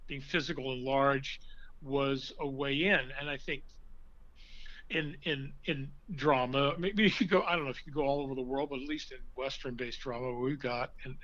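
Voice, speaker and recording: A man, an actor, telling stories in an interview, animated, breaking now and then into loud put-on voices. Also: medium pitch, muffled recording. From from an Irish blue-collar family. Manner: animated storyteller, bursts into loud character voices. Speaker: actor guest. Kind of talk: conversational interview storytelling.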